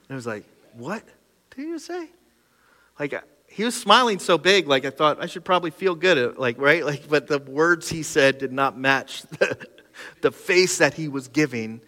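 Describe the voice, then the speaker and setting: A man's voice: on the high side, pushed and bright. A middle-aged man, a pastor, telling an emotional personal story in a sermon, candid and open. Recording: long hall reverb.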